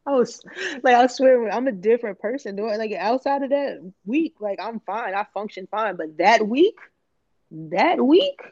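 A woman's voice: fairly high pitch, expressive, measured pace, darkish tone. A woman in casual podcast chat, talking candidly and profanely, rambling with lots of slang and filler words. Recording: muffled lo-fi recording.

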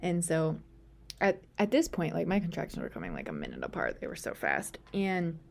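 Woman, low voice, gravelly fry, casual storytelling, chatty with fillers, slips into whispers. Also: huge pitch swings, brisk. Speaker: podcast host.

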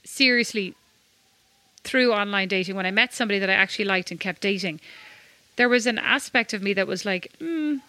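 An Irish woman co-hosting a podcast speaks briskly in a medium-pitched, sharp-toned voice with no echo. In casual conversation she tells chatty, self-mocking stories.

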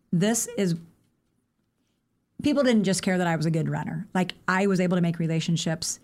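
Running coach lady on a podcast, kinda low voice, chatty and animated, lots of "like"s. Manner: animated, acts out quoted dialogue; rapid, chatty with many fillers like "like" and "I mean". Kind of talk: casual interview storytelling.

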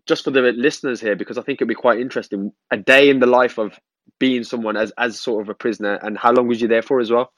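A man hosts a casual podcast interview and talks in a relaxed, conversational way. He often restarts his sentences and leans on "like". His voice sits at an ordinary pitch, and the recording sounds dry and close. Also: fast talker, no room sound. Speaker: podcast host.

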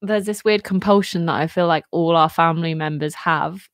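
A woman's voice: sits low, moderate pace, no room sound, clean studio sound. Giggly chatty woman. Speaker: podcast co-host. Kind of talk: casual chat.

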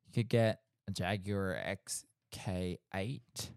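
A man's voice: low voice, slow, gravelly, smooth, no echo, clean studio sound. Teasing Australian man on a podcast. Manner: teasing, quizzing. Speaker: podcast co-host. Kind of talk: casual chat.

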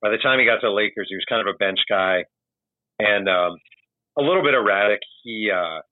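A man, an author, telling animated stories in casual chat and acting out the people he quotes. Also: fairly low pitch, brisk, dry recording. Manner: animated anecdotal storyteller, acts out quotes. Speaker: author guest. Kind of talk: casual storytelling. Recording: dry tinny call audio.

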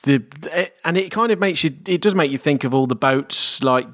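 A man's voice: on the high side, normal speed, fairly bright tone. A man co-hosting a casual film podcast, explaining plot points at length with some hedging. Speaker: podcast co-host.

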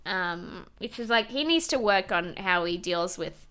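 A woman's voice: medium pitch, lively intonation, measured pace, bright, forceful tone, clean tone. A woman co-hosting a podcast, recapping a reality show in casual chat, laughing often and swearing freely. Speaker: podcast co-host.

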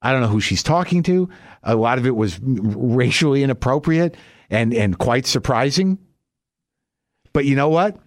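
A man hosting a podcast, telling a profane, ranting comic story in an animated way. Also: medium pitch, moderate pace, no room sound, clean studio sound. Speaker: podcast host. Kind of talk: comic monologue.

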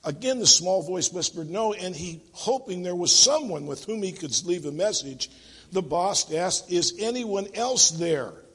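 A man's voice: high voice, animated, moderate pace, fairly bright tone, breathy edge, long reverb tail. A man preaching a sermon in a church, telling funny stories and acting out the voices in them. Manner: jokey storyteller, acting out voices in the tales. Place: church sanctuary.

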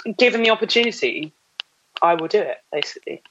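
Animated woman telling a story. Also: medium pitch, fast talker, muffled recording, slight background noise. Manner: animated storyteller, laughs often. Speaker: actress guest. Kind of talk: casual podcast interview.

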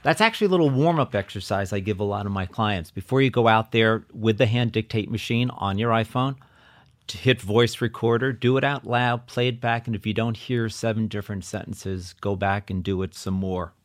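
A man hosting an interview as a speaking coach, explaining things step by step in a deliberate way. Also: on the low side. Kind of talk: conversational interview, instructive.

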